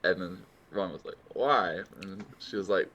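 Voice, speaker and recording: A man's voice: deep voice, fairly even intonation, fairly bright tone, muffled recording, slight background noise. A man co-hosting a podcast in casual chat, chiming in with short agreements and adding plot details. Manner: slow, interjecting short agreements. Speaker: podcast co-host. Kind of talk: casual chat recapping an episode.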